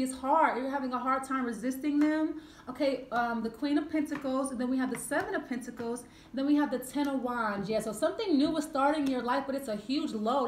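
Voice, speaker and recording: Chatty woman doing a tarot reading, high voice, kinda echoey room. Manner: chatty, repetitive, drawing cards aloud. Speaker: tarot reader.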